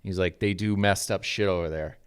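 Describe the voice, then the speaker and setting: A man's voice: low voice, steady tone, brisk, clear, resonant tone. A man in his thirties from New England, telling a casual, profane story as a podcast co-host.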